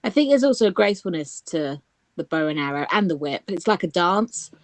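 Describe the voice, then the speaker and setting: A woman's voice: on the low side, lively intonation, a little fast, no echo. Giggly woman, dry close sound. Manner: laughs easily, steers the talk onward. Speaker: podcast co-host. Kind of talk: casual chat reviewing a film.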